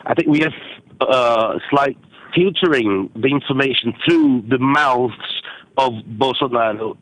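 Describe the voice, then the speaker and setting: Brazilian guy calling in, halting with lots of uhs, dry phone sound. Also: medium pitch, fairly bright tone, dry recording, rough recording. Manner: halting, many fillers and restarts. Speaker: caller.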